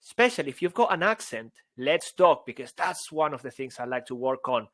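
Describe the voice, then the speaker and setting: A man co-hosting a podcast as a public speaking coach, talking in a playful, casual way with sudden excited outbursts. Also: mid-range voice, brisk, no room sound, studio quality. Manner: playful, bursts into excited shouts.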